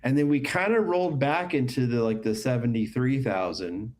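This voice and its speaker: A man co-hosting a live stream, slightly congested from a cold, talking in a relaxed way with crude humor. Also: medium pitch, normal speed. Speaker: co-host of a live show. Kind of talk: casual live-stream chat.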